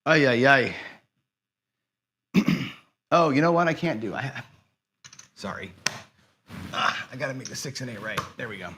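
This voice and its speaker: A man's voice: mid-range voice, measured pace, long pauses, sharp tone, slightly rough. A man hosting a live dice-game stream, muttering and swearing in frustration as he talks to his viewers. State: dejected after a loss. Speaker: host of a live craps stream.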